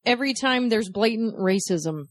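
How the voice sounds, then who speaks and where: Woman co-host, fairly high voice, frank and laughing, dry close mic. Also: lively intonation, moderate pace, no echo. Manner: frank, laughs often, swears. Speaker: podcast co-host. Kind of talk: casual chat reviewing a film.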